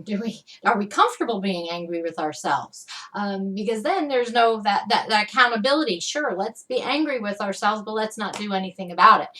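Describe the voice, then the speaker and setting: A woman's voice: a little high, fairly bright tone, distant mic. A woman leading an EFT tapping lesson, talking to the viewer in a chatty way and saying her affirmation phrases with strong emphasis.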